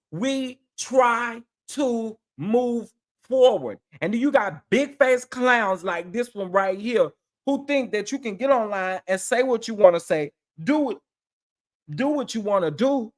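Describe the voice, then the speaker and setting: A man hosting a casual live stream, talking in a sassy, animated way and repeating phrases for emphasis. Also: high-pitched. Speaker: livestream host.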